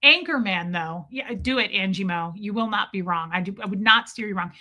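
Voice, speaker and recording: Woman, live-stream host, casual chat, bright forceful voice, animated, laughs often, swears freely. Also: medium pitch, fairly quick.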